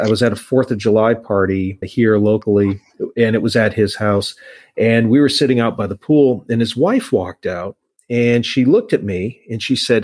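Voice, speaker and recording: A man's voice: lowish voice, no echo. A man who works as an insurance agent, telling a long personal story in a casual, rambling way with frequent restarts. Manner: anecdotal, many restarts.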